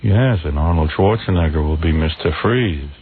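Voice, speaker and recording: A man doing a low, mumbling, evasive movie star. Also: expressive, normal speed, slightly rough, heavily acted. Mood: sullen. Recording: tinny narrow radio broadcast.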